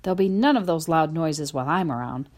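A woman voicing an excitable, loyal pet dog who thinks it is a professional guard, speaking high and urgent. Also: a little fast. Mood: bossy. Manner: high, loud, urgent barking delivery. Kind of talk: audiobook character voice.

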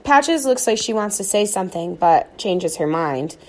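A woman narrating a children's storybook aloud in an expressive, animated way. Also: medium pitch, normal speed.

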